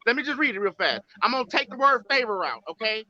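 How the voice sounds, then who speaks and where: A man in a heated casual debate, reading a transcript aloud haltingly with many restarts. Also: very high-pitched, very animated, crowd noise. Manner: reads haltingly with restarts, apologetic. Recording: dull lo-fi stream audio.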